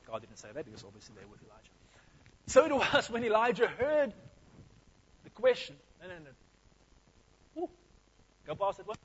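This is a male preacher, delivering an energetic, conversational sermon. His voice sits high for a man and has a husky edge. The recording is slightly dull and muffled. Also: normal speed, pauses often. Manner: energetic, conversational, addresses the congregation directly.

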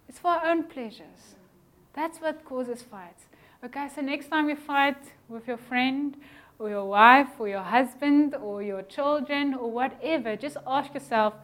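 A middle-aged woman preaches in a church with a slightly high voice. She talks in a lively, conversational way and acts out small dialogues. At moments she drops her voice to a soft, near whisper. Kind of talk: sermon.

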